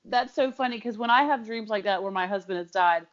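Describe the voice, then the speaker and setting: A woman co-hosting a podcast, talking in an easy, chatty way and breaking into laughter often. Her pitch sits mid-range for a woman, and the recording is a bit dull and lo-fi. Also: a little fast. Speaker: podcast co-host. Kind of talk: casual chat.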